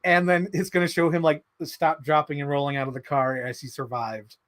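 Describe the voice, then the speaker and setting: Excitable man chatting on a livestream. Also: a little high, brisk. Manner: animated, excitable, lots of fillers and impressions. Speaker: livestream host reading chat. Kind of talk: casual livestream chat.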